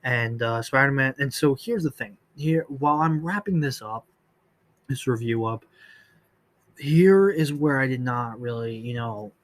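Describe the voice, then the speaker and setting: A man giving a casual movie review, excitable and gushing, full of fillers and restarts. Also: medium pitch, a little slow.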